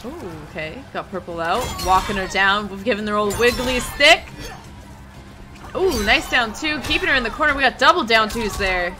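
A woman giving enthusiastic play-by-play on a fighting game stream, with loud exclamations. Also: fairly high pitch, expressive, moderate pace, over music, poor audio. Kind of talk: casual esports commentary.

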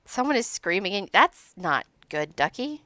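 A woman's voice: mid-range voice, very animated, normal speed, pushed and bright, dry recording. A young woman hosting a game role-play stream, playful and giggly as she chats and tells stories. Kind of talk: casual gaming stream chat and storytelling.

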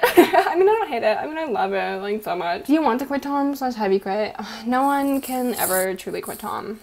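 Young woman, high voice, giggly and rambling, sweary casual vlog chat. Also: lively intonation, normal speed, hardly any pauses, a little mellow. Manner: giggly, rambling and profane, with frequent laughs. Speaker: YouTuber.

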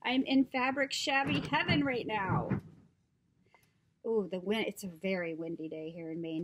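A middle-aged woman chatting casually as she opens crafting mail, gushing and excitable, often dropping into whispers. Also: mid-range voice, measured pace, background noise. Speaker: crafter opening happy mail. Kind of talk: casual unboxing chat.

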